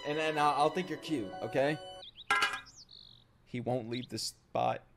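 A young man streaming his reaction to an anime, swearing, laughing and shouting out in bursts. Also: mid-range voice, unhurried, gravelly, over loud music. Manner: excitable, swears a lot, loud outbursts and laughs. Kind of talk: live reaction commentary.

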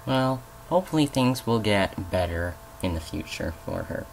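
A man casually commenting on a video he is reacting to, with pauses, restarts and fillers. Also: lowish voice, sing-song, vocal fry, a little hiss or hum, low-quality recording. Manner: hesitant, with many fillers and restarts.

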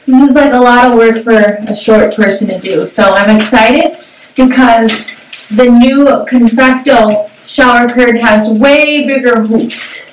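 A woman's voice: on the high side, steady tone, unhurried, slight background noise. A young woman reviewing a shower curtain in a casual, upbeat vlog, talking with lots of "um" and "like". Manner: chatty, upbeat, with frequent "um" and "like". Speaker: product reviewer. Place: small home bathroom. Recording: echoey bathroom, mic at a distance.

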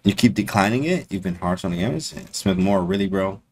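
A man streaming casually to his chat, slangy and animated, repeating his phrases. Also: low voice, brisk. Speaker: chess streamer.

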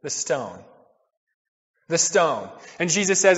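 Male pastor, high voice, earnest sermon delivery with loud and soft swings; dull, reverberant church recording. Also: lively intonation, measured pace. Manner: earnest preaching, swings between loud declarations and quiet asides.

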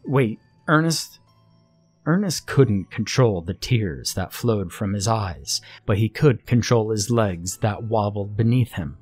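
A man narrating a scary story in a slow, measured storytelling manner. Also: lowish voice, darkish tone, husky, dry recording, faint music behind. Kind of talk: scripted horror narration.

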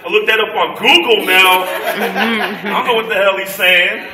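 A man's voice: sits high, steady tone, normal speed. A young man doing stand-up, joking loosely and chatting with the audience at a college show. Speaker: stand-up comedian. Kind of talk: stand-up crowd work. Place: college event hall. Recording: echoey room from far off, loud crowd noise. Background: audience laughing and clapping.

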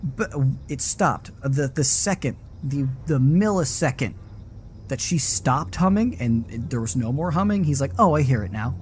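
A man's voice: a little high, animated, a little slow, a little mellow, a little hiss or hum. A man streaming a horror game live, rambling and swearing casually as he plays. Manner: rambling, self-interrupting and swearing; frequent laughing asides. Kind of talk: casual live gaming commentary.

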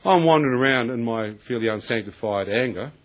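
A man giving a lively, colloquial testimony sermon, acting out the voices of others and laughing often. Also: mid-range voice, fairly quick. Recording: tinny lo-fi, husky.

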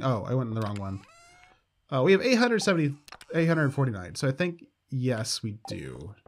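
A man casually commenting on his gameplay, upbeat and chatty with dry sarcastic asides. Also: medium pitch. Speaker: let's play host.

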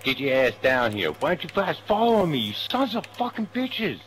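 A man angrily yelling orders and curses at his teammates over game voice chat. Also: on the high side, sing-song, normal speed, slight background noise. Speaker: gamer on voice chat.

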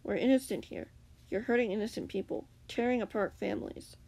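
A woman's voice: medium pitch, brisk, gravelly, warm tone. A woman voicing a defiant young male captive in an amateur fanfiction reading, speaking plainly and stubbornly.

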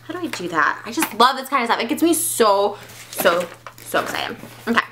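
A young woman vlogging an unboxing in a bubbly, excitable, gushing way. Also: fairly high pitch, brisk, noisy background. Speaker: beauty vlogger. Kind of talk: casual unboxing vlog.

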